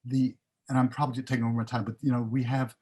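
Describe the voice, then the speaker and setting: A man's voice: medium pitch, little pitch movement, quick pace, a little mellow, husky. An older man on a panel, recounting his career in a rambling, self-interrupting way.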